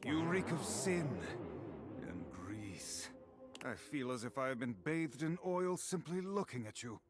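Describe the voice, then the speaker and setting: An actor playing a pompous, stern friar who preaches in a haughty, contemptuous way. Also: male voice, medium pitch, big pitch swings, a little slow, faint music behind. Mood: disdainful. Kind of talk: video game voice acting.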